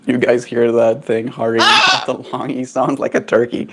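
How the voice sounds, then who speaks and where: A man's voice: medium pitch, level tone, moderate pace, fairly bright tone, husky. A man streaming casual chat while cooing affectionate baby talk to his pet bird at home.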